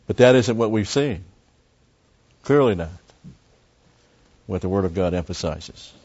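A man's voice: low voice, lively intonation, measured pace, a little mellow, breathy edge, highs cut off. A man preaching a Bible teaching sermon, explaining a passage step by step and repeating key phrases. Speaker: pastor.

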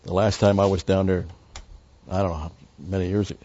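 A man's voice: low voice, little pitch movement, a little fast, warm tone, muffled recording. An older man teaching a Bible study lecture in a rambling, conversational way full of asides.

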